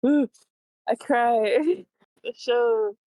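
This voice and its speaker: A woman's voice: on the high side, very slow, dark tone, no echo, low-quality recording. A young adult woman who has just woken up, chatting affectionately and sleepily with friends on a stream. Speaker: guest friend on call. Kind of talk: casual chat.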